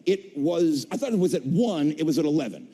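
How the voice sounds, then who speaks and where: Animated middle-aged man telling stories on a big stage. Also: on the high side, fairly quick, husky. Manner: playful, self-mocking, acts out quotes in funny voices. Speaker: voice actor telling a career story on a panel. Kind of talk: animated storytelling to a live audience. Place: convention stage in a large hall. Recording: long reverb of a large hall.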